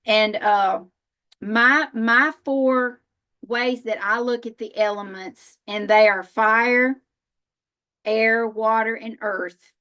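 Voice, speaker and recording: A woman's voice: fairly high pitch, steady tone, slow pace, bright, forceful tone. A woman from Northern Alabama with a Southern accent, speaking on a live panel in a folksy, self-deprecating way and laughing often. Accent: Southern American. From Northern Alabama, USA. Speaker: panel speaker, spiritual practitioner.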